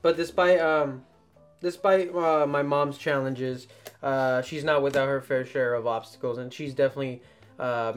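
A young man hosting a casual podcast, telling stories in an animated way and jumping into loud mock voices. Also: a little high, clear, resonant tone. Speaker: podcast host.

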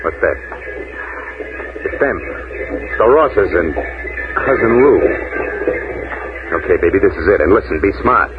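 A man's voice: low-pitched, expressive, unhurried, pauses often, over music. An actor playing a cocky, ruthless male gangster in a 1940s radio play, taunting in clipped slang. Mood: threatening. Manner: taunting, clipped slang with repeated "see?" and "baby". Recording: tinny old radio broadcast.

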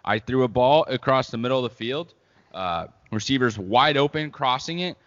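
A man's voice: mid-range voice, animated, moderate pace, fairly bright tone. Guy laughing at himself, cussing casually, kinda echoey long reverb, muffled. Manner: laughing, self-deprecating, swears casually. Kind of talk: casual chat. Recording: dull audio with long reverb.

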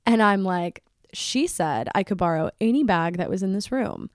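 A young woman in her twenties hosts a solo podcast, talking close to a dry, deadened mic. She rambles casually with lots of "like", and her pitch sits in an ordinary middle range. When she acts out her friends' lines, her delivery jumps up in drama. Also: moderate pace, dry recording. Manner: chatty, dramatic, heavy use of "like", quotes friends in animated bursts. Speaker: podcast host.

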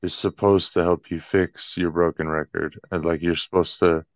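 A man's voice: deep voice, level tone, moderate pace, no room sound. A man, a podcast guest, talking reflectively and hesitantly, repeating words as he thinks. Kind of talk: casual reflective chat. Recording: dry, slightly dull lo-fi audio.

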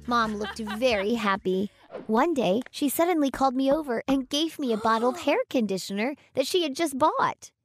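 Female narrator, high voice, dramatic first-person storytelling over faint music. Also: expressive, moderate pace. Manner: dramatic, emotive reading.

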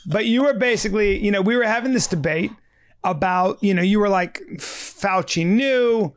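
Man, podcast co-host, casual banter, brash, profane, rambling, fairly high voice. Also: moderate pace.

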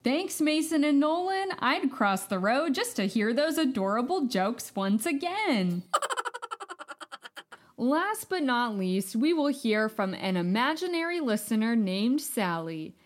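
A woman hosting a children's story show, narrating in a gentle, playful and upbeat way. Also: a little high, big pitch swings, slow.

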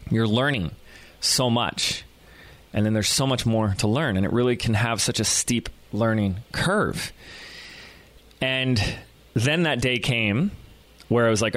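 A male podcast host tells a story in a loose, casual style, stopping often for fillers. His voice is mid-pitched and sounds close and dry, with no room around it. He comes across as animated. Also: measured pace, dry recording. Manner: animated, rambling, lots of fillers.

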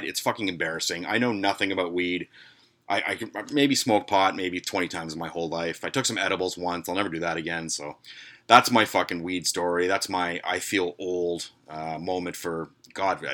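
A man's voice: on the low side, bright, forceful tone. A man hosting a casual podcast, telling stories in a profane, sarcastic, self-mocking way. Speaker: podcast host.

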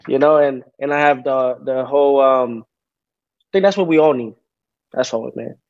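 A man in his twenties answering interview questions over a video call, halting, with many fillers and restarts. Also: medium pitch, lo-fi sound. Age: 20s. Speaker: interview guest, athlete.

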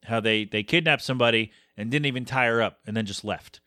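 A man's voice: medium pitch, fast talker, sharp tone, no echo, studio quality. A man hosting a podcast, chatting casually and ranting in an exasperated, rambling way. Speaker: podcast host. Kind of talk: casual solo podcast chat.

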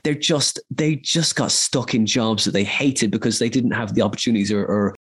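A man's voice: on the low side, a bit bright, breathy edge. A man in his forties from Ireland, a voice actor telling long, rambling stories in a casual interview. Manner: rambling anecdotal storyteller, quick bursts.

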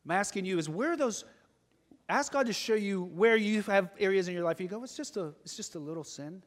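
A man's voice: high-pitched, expressive, brisk. A male pastor preaching a sermon, earnest and building to urgent exhortation. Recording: long hall reverb.

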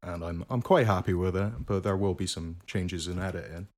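A man's voice: deep voice, normal speed. A man hosting a podcast and reading his own fan fiction aloud, amused and often laughing.

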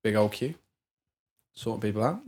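A man, co-hosting a podcast and telling a work story in a casual, animated way, laughing often and mimicking the people in it. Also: fairly low pitch, moderate pace. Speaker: podcast co-host.

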